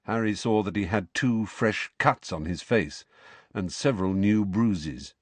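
A man narrating a novel aloud with expressive storytelling. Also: fairly low pitch, measured pace, breathy edge, dry recording. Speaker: audiobook narrator. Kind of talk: scripted narration.

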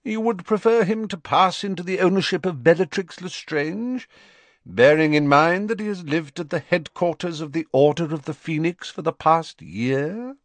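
A man voicing a calm, shrewd old male headmaster wizard who speaks in a measured, courteous way, in an audiobook. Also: fairly high pitch, dry recording, voice pushed up, close to an everyday voice. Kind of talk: audiobook character voice.

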